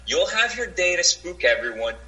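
A man's voice: sits high, big pitch swings, moderate pace, sharp tone, rough recording. A man co-hosting a talk radio show, ranting defiantly and sounding exasperated. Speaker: co-host.

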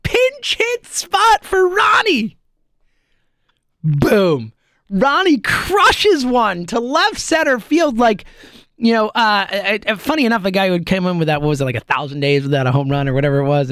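A man delivering a solo sports-talk rant, sarcastic and worked up. His pitch swings widely from low grumbles to high, mocking bursts. The sound is dry and close, with no room around it. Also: no echo. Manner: animated ranting, sarcastic, worked up. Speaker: sports podcast host.

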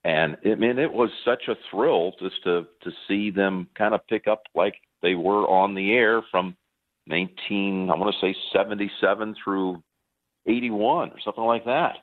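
Man, sportscaster guest, rambling fond anecdotes, low voice, tinny phone line. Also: moderate pace. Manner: warm anecdotal storytelling with many fillers. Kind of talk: phone interview, reminiscing.

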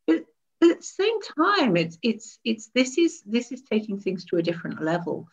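Animated woman with a lively voice. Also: fairly low pitch, muffled recording. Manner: animated, laughs often, demonstrates voices. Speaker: guest expert on voice and sensuality. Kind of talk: conversational interview. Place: seated indoors.

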